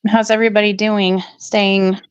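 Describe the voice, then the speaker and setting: A woman's voice: mid-range voice, little pitch movement, normal speed, clear, resonant tone, dry recording, muffled recording. A woman co-hosting a casual chat, rambling and giggling as she talks. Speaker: co-host.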